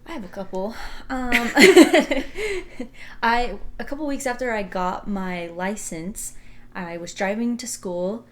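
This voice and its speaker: Young female podcast co-host, slightly high voice, animated storyteller who laughs a lot. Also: slow pace. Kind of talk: casual chat.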